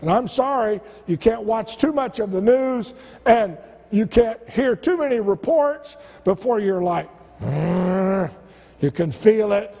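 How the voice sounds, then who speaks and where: A man's voice: high voice, animated, unhurried, darkish tone. A male pastor preaching a sermon, stacking rhetorical questions and stumbling over restarts. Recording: long church-hall reverb.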